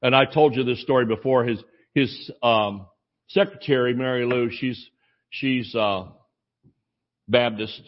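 A man's voice: mid-range voice, unhurried, lo-fi sound. A male preacher telling a rambling anecdote in a sermon, acting out the voices of the people he quotes. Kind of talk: sermon storytelling.

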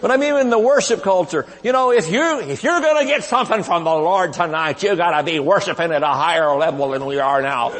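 Man in his 50s preaching live, jokey and loud at times, high voice that swings all over, long church reverb. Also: fairly quick, hardly any pauses. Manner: humorous, lively preaching with laughs and shouted lines. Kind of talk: live conference sermon. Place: large church sanctuary.

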